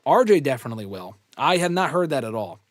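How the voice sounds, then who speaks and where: A man's voice: mid-range voice, big pitch swings, fast, no echo. A man hosting a live fan question show, talking loosely and bluntly with casual swearing. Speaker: host answering fan questions.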